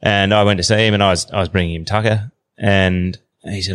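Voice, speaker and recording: A man in his thirties with an Australian accent, telling a story as a podcast guest in a relaxed, slangy way. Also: lowish voice, fairly quick, no room sound, studio quality. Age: 30s. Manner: relaxed yarn-spinning, slangy. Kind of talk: casual storytelling.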